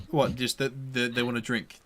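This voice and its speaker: A man's voice: medium pitch, little pitch movement, noisy background. A man narrating as game master of a tabletop game, with frequent restarts and fillers. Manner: halting, many restarts and fillers.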